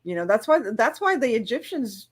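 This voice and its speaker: A woman's voice: a little high, sing-song, moderate pace, husky. A woman co-hosting a casual chat, friendly and chatty. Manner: friendly, chatty, gushes over cats.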